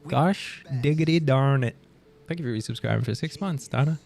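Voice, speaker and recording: A young man from Canada talking casually on a livestream, reading and answering chat with animated, joking surprise. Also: mid-range voice, moderate pace, gravelly, faint music behind. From Canada, near Montreal. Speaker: livestream streamer.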